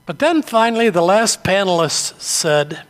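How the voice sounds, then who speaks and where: An older man from New England delivers a sermon, moving from story to story in a measured, earnest manner. His voice sits fairly high for a man. It carries a long reverb from a large hall. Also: expressive. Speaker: pastor.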